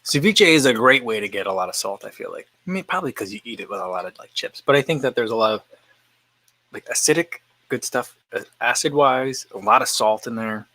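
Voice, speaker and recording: A man's voice: mid-range voice, animated, a little fast, sharp tone, no echo, poor audio. A man hosting a casual live-stream chat while eating, thinking aloud as he answers viewer questions. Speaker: running channel host.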